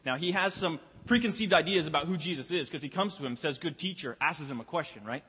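Fast, pushed and bright, a young pastor's fairly high, slightly rough voice fills a church sanctuary with long reverb. His preaching is conversational, with frequent repeated words as he finds his place.

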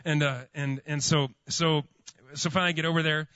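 A man's voice: fairly high pitch, fairly even intonation, brisk, pushed and bright, clear, resonant tone, no room sound. A man preaches a sermon, telling a long personal story full of fillers and restarts. His voice is dry and close. The sound is slightly muffled. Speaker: pastor.

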